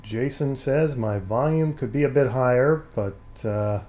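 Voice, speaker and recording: A man hosts a casual live stream from home, talking into a desk mic. His voice sits in a middle range with a mellow, dark tone, a little scratchy and nasal from allergies. He rambles along with plenty of fillers and self-deprecating asides. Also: mid-range voice, a little slow.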